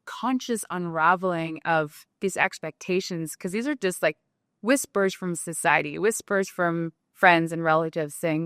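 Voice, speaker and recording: Animated, talkative woman guest. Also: fairly low pitch, no echo, clean studio sound. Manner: animated, talkative, many "like" fillers. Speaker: guest entrepreneur. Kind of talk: casual interview talk.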